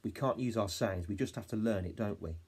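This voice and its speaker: A young male teacher from England talking to young children in a home-learning phonics lesson, saying words slowly sound by sound and prompting them to repeat after him. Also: fairly low pitch, a little mellow, husky. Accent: English. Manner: slow, sound-by-sound modelling with call-and-response prompts. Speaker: reception class teacher.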